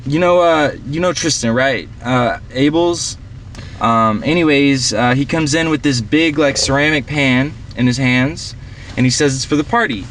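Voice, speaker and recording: A man's voice: mid-range voice, moderate pace, a bit bright, a little hiss or hum, natural voice. A young man playing a party-goer who tells a long story in a rambling, profane, slangy way full of fillers. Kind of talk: casual film dialogue.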